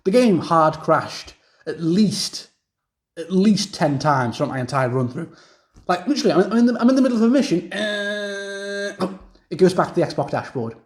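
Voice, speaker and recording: A young man talking through a casual game review rant in a high voice. He rambles, restarts his sentences and repeats himself, with plenty of fillers. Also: sing-song, a little fast.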